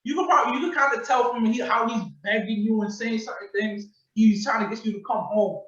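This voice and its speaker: Man, podcast host, high voice, animated storyteller, roomy far-off lo-fi video call sound. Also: fast talker. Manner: animated storytelling, acts out quotes, profane slang. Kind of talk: casual podcast commentary. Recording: distant echoey lo-fi video call audio.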